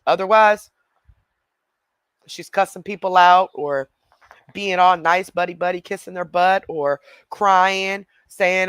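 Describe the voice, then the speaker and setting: A man's voice: high voice, unhurried, fairly bright tone, clear, resonant tone, dry recording. A man hosting a reaction video, chatting casually and talking straight to his viewers. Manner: chatty, addresses viewers directly.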